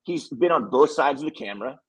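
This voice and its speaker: A film director telling animated, quote-filled stories in a casual interview. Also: male voice, mid-range voice, fairly quick, breathy edge, poor audio. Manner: animated storyteller acting out quotes.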